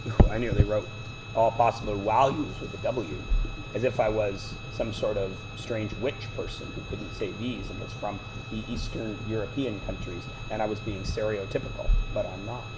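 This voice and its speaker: A man's voice: on the low side, wildly swooping pitch, moderate pace, heavy background noise. A man teaching math to a class, lecturing with chatty, joking side stories. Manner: chatty, digressive, joking asides.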